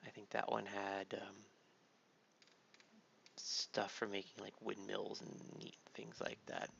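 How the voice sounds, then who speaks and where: A father rambles through relaxed let's-play commentary at his home computer, full of fillers and sounding like a tired dad. His fairly low voice is monotone, slow and fairly bright, with vocal fry. The lo-fi mic sounds dull, with faint noise.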